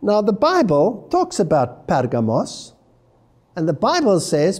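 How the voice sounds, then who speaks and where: A man's voice: high voice, huge pitch swings, unhurried, a little mellow. A man giving an emphatic Bible prophecy lecture, explaining history and reading scripture aloud. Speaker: religious lecturer.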